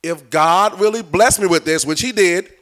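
A man's voice: high voice, moderate pace, fairly bright tone. A man preaching a sermon as bishop, asking the crowd questions and acting out little scenes.

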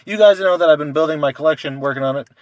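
Talkative man, raised pitch, dry sound. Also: racing, no echo. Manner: loose, rambling storytelling with frequent swearing. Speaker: podcast co-host. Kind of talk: casual chat.

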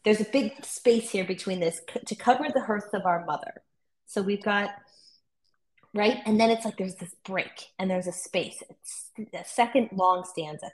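A woman co-hosting a conversation, reading a poem aloud slowly and softly, then talking through it in a reflective, expressive way. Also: medium pitch, roomy sound, a little hiss or hum, rough recording. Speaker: podcast co-host. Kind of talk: conversational discussion with poetry reading. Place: Boston.

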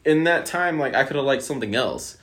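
A young man chatting casually with a friend, mid-pitched and talking in an easy, everyday way. He tells stories animatedly, swears freely and leans on filler words. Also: a little fast. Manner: animated storyteller, acts out quoted lines. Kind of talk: casual chat.

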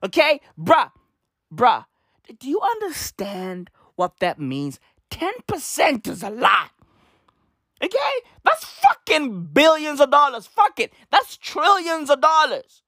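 A brash young woman rants in an emphatic, slang-heavy comedic style and keeps hammering the same lines. Her fairly high voice swoops up and down all the time. The sound is dry and close. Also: wildly swooping pitch, slow, fairly bright tone, no echo. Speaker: comedic ranter. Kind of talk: profane comedic rant to camera.

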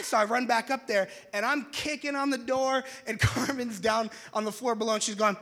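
A young man, a pastor, telling a lively, jokey story to an audience and acting out his own shouts. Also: extremely high pitch, brisk, few pauses.

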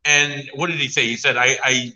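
Bright-voiced man explaining earnestly. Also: medium pitch, steady tone, moderate pace, rough recording. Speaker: paranormal investigator. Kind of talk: casual chat.

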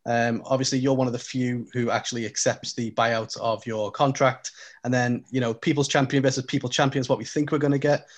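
A man's voice: mid-range voice, little pitch movement, a little fast. A man hosting an interview, asking long questions with many "um"s and "you know"s. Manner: hesitant, filler-heavy questioning. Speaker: interview host.

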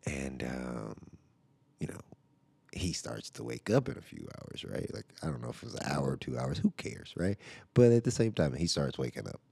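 A man's voice: rumbling low, sing-song, normal speed, gravelly, dark tone, husky, no echo. A father podcasting from home, telling a story in a casual, rambling way, full of "like" and "right?" asides.

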